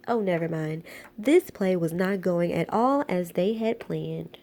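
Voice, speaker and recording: A woman reading a children's picture book aloud in a playful, expressive way. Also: on the low side, measured pace. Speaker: storyteller.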